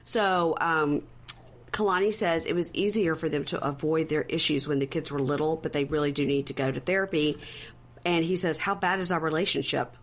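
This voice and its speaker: A woman co-hosting a casual chat, retelling scenes with lots of animated quotes and profanity. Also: moderate pace. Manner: animated storyteller who acts out quotes with big pitch jumps; profane, gossipy. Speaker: podcast co-host recapping a reality show.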